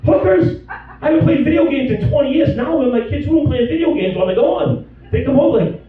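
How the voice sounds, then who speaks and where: A man in his fifties doing a crude, rambling stand-up set and bursting into loud exasperated rants. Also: extremely high pitch, expressive, a little fast. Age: 50s. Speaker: stand-up comedian. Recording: distant, dull audio in an echoey club.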